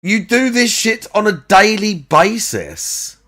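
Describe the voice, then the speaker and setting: A man's voice: high voice, big pitch swings, slow pace, a bit bright. A man mocking a clip in a reaction commentary, sarcastic, swearing and laughing often.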